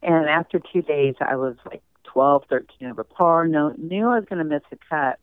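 A chatty woman recounting her past in an easygoing interview voice. Her voice is smooth and clear despite the thin, phone-like line. The sound is dry and close, with no room around it. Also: low voice, normal speed, dry recording. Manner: chatty, warm storyteller, laughs easily. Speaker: interview guest, former golf champion. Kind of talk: conversational interview storytelling.

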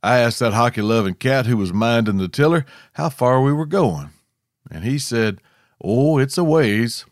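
A man's voice: mid-range voice, lively intonation, moderate pace, dry recording. A man from Arkansas, telling a scripted outdoor story with dry, wry humor. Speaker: podcast host.

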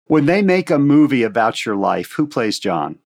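A man's voice: mid-range voice, sing-song. Encouraging male podcast host. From United States. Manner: encouraging, asks quick questions. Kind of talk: interview podcast.

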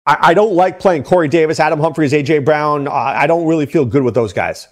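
A middle-aged man talking through fantasy football picks as an analyst, animated, with quick asides and repeated words. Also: fairly high pitch.

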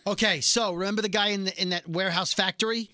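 A man casually recapping a TV episode, telling it in an animated way and acting out the characters' lines. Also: high voice, fast talker, a crowd in the background. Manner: animated storytelling, acts out quotes.

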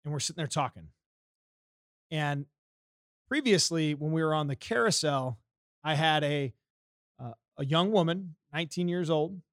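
A man's voice: a little high, lively intonation, normal speed, pauses often, fairly bright tone, dry recording, studio quality. A man from the United States telling a story on a podcast in a profane, heated way. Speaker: podcast co-host.

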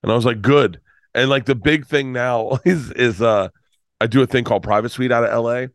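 A man's voice: medium pitch, fairly even intonation, fairly quick, dry recording, studio quality. A man in his fifties, a comedian guest telling a rambling story full of restarts and swearing. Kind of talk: storytelling in conversation.

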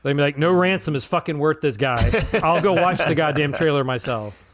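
A young man rattles through a rambling anecdote on a casual podcast, slipping into little voices for the people in it. He speaks quickly and a touch higher than most men. The recording is dry and close. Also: fairly bright tone, no echo. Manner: rambling, acts out quoted voices. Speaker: podcast co-host.

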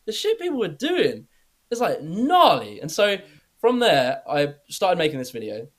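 A young British man chatting casually as a podcast guest, rambling, filling every pause with "like" and swearing easily. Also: on the high side, wildly swooping pitch. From Britain. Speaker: guest YouTuber.

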